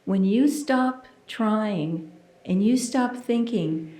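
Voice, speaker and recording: A woman minister giving a sermon as a personal testimony. She tells it in an earnest, intimate way and sometimes drops to a hushed near-whisper. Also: mid-range voice, extremely slow. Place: church sanctuary. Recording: roomy, echoey sound.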